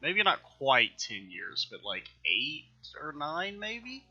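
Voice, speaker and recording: A man riffs through casual let's play commentary, rambling and poking fun at himself. His voice is sharp and bright, with a pitch that swings around a lot. The mic sounds a bit dull and lo-fi, with faint game music underneath. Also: wildly swooping pitch, takes it slowly, slightly rough. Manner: rambling, self-deprecating, joking.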